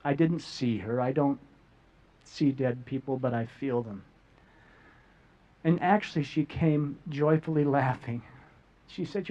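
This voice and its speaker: A man's voice: a little high, slow pace, pauses often. A middle-aged man earnestly sharing a personal story as a guest, often repeating words as he goes. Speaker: guest speaker. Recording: dull lo-fi audio.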